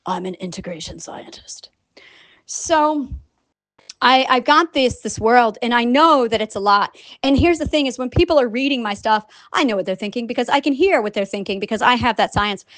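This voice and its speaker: High-voiced woman rambling animatedly. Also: brisk, dry recording. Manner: animated and rambling, with frequent profanity; acts out quoted voices. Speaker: scientist and online writer. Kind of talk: casual unscripted vlog monologue.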